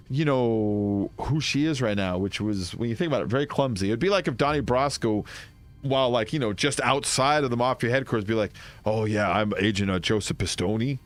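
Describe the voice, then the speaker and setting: A man's voice: mid-range voice, fairly bright tone. Rambling, jokey male gamer. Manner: rambling, jokey, laughs often. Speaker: gaming streamer. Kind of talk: let's play commentary.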